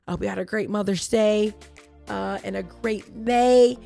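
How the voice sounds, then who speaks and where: A young woman hosting a casual faith Q&A podcast, hoarse and raspy from losing her voice, chatty and rambling with tangents, and tired and low on energy. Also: unhurried, mellow, soft background music. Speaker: podcast host.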